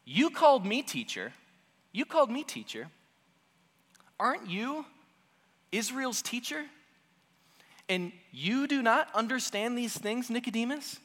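Jesus, heated and insistent, as a preacher puts him on. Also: male voice, very high-pitched, big pitch swings, unhurried, pauses often, a bit bright, long reverb tail, voice pushed up, heavily acted. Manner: heated, insistent, rhetorical questions. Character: Jesus, adult male teacher, pressing and exasperated. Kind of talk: dramatized scripture quotes in a sermon.

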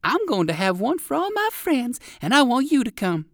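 A man voicing an excitable little chick girl in a storybook reading, talking in a gushing way. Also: very high-pitched, moderate pace, no echo, clean studio sound, pitched above the performer's own voice, heavily acted. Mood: excited.

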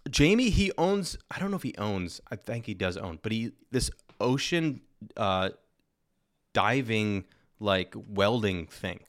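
A man's voice: lowish voice, expressive, unhurried, dry recording, studio quality. A man in his thirties, a podcast guest chatting casually in a laid-back, rambling way. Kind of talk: casual chat.

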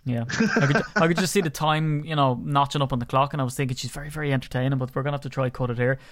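An Irish man talks through a podcast segment in a chatty, rambling way. His voice is smooth and clear, recorded close and dry. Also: medium pitch, fairly even intonation, very fast, a bit bright, no room sound. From Ireland. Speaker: podcast co-host. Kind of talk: casual podcast chat.

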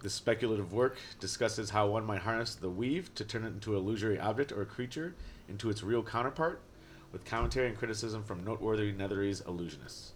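A man's voice: lowish voice, fast, slight background noise. A man narrating as game master, casual and descriptive, with frequent fillers.

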